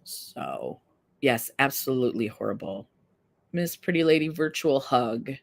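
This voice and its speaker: A woman's voice: extremely low pitch, sing-song, unhurried, vocal fry. A woman in her fifties hosting a casual live stream, talking candidly and earnestly while reading viewer comments. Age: 50s. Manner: candid, earnest, self-deprecating.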